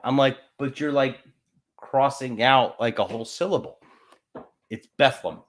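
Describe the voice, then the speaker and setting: Man, young adult, eastern Pennsylvania accent, casual whiskey chat, animated, swears lightly, mid pitch. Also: normal speed. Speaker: co-host.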